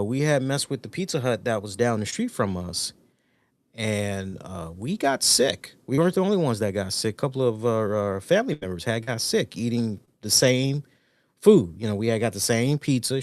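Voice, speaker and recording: Male co-host, mid pitch, casual animated storyteller on a live stream, dry close sound. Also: no echo. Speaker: podcast co-host.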